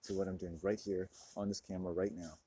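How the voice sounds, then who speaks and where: A man's voice: sits low, level tone, quick pace, mellow, a little hiss or hum, poor audio. A man delivering a profane, preaching monologue to his camera, smoking and drinking as he talks. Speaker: vlogger.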